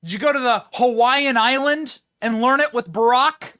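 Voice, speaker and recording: A man's voice: very high voice, moderate pace, pushed and bright. A male host giving mocking, sarcastic political commentary.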